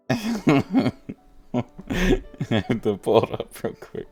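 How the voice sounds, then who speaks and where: A man's voice: medium pitch, big pitch swings, very slow, a little mellow, husky, faint music behind. A man streaming a visual novel, reading the story aloud and chatting casually with viewers, laughing often.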